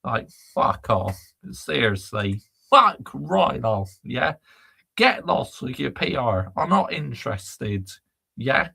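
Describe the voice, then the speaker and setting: A man's voice: mid-range voice, animated, slow pace, creaky, sharp tone, breathy edge. A man hosting a football fan channel, ranting in anger and frustration and swearing as he talks. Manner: angry, exasperated, swearing.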